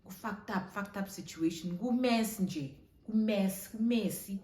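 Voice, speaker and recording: A young South African woman telling a casual storytime, animated and switching between English and isiZulu. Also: mid-range voice, unhurried. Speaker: vlogger. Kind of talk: storytime chat. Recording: roomy echo.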